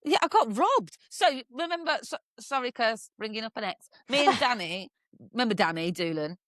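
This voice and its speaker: A woman in her thirties from England guests on a podcast, telling stories in a casual chat with lots of laughter. She's animated, swears, and acts out characters' voices. Her voice is fairly high and a little fast, recorded in studio quality with no echo.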